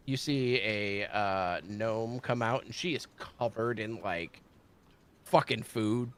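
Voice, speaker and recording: A man's voice: mid-range voice, animated, takes it slowly. A man running a tabletop game as game master, narrating in a casual way, laughing often and swearing freely.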